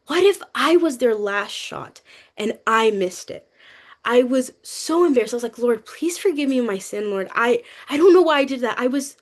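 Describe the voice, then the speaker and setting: Animated young woman sharing a testimony. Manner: animated, talkative, acts out quotes with rising pitch. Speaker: youth testimony speaker. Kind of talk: personal testimony.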